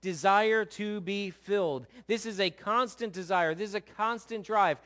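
In the sanctuary, a middle-aged pastor preaches with a high, slightly bright voice, speaking a little slowly with few pauses. He's conversational and playful, joking with his flock and checking in with them as he goes.

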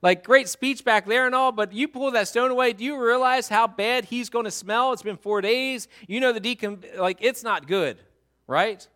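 A man's voice: very high voice, moderate pace, pushed and bright, pitched above the performer's own voice. A man voicing a flustered, exasperated biblical woman who pleads in frantic, comic modern slang.

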